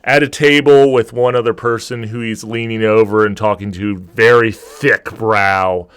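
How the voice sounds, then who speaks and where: A man running a tabletop game as game master, describing scenes with many pauses and restarts. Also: fairly low pitch, steady tone, fairly bright tone, smooth, no echo. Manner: hesitant, many ums and restarts while describing.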